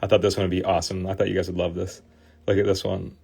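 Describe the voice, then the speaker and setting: A man's voice: sits low, level tone, fast, gravelly, darkish tone, breathy edge. A man in his forties from Michigan with a Midwestern accent, chatting casually with viewers as a livestream host, full of fillers and restarts. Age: 40s. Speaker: livestream host restoring trading cards.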